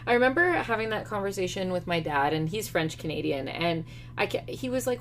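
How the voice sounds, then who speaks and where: A woman hosting a podcast, sharing personal stories in a relaxed interview conversation. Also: on the low side, quick pace, a little hiss or hum. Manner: personal, anecdotal. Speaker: podcast host.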